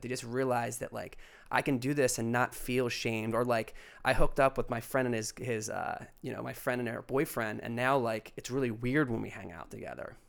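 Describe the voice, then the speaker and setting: A man in casual conversation, speaking at a mid-range pitch for a man. He wanders through his thoughts, stacking filler words as he goes. He is recorded remotely from a home living room. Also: vocal fry. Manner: rambling, many "like" fillers. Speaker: podcast guest. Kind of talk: candid casual chat.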